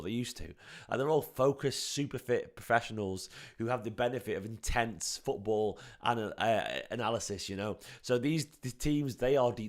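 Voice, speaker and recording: A man in his thirties talks football on his fan channel with a slightly low voice. He is passionate and rambling, swears freely, and sounds worn out, his voice starting to go. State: tired, voice going. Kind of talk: casual live match reaction.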